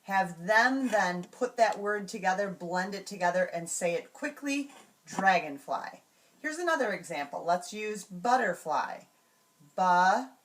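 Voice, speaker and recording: A woman calmly explaining classroom routines step by step, slowing down to sound out example words. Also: mid-range voice, far from the mic. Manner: clear, measured, slows to sound out example words. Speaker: teacher trainer. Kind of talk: instructional walkthrough.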